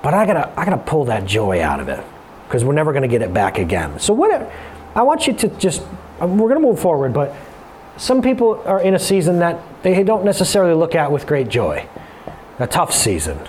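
Animated preacher man in his thirties. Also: fairly high pitch, brisk, slight background noise. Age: 30s. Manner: animated, conversational, jokey asides. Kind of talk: sermon.

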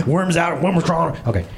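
Speaking unhurriedly in a gravelly, fairly high voice, this man preaches as a pastor at a livestreamed church service. His sermon is casual and joking, and he chats with congregants by name and with online viewers.

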